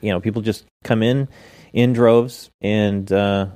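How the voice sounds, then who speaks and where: Deep-voiced man hosting, dry close sound. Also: a little slow, dry recording. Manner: steady, steers topics, reads out statistics. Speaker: host. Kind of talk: casual chat.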